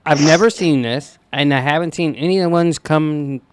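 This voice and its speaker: Male co-host, a touch high-pitched, dry close sound, joking and profane. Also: moderate pace, smooth, no echo. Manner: joking, crude, giggly. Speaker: podcast co-host. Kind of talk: casual movie chat.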